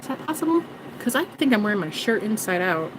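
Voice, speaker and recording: A woman's voice: mid-range voice, very animated, fast, noisy background. A woman vlogging in a rambling, joking monologue, swearing and mocking herself. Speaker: spiritual vlogger.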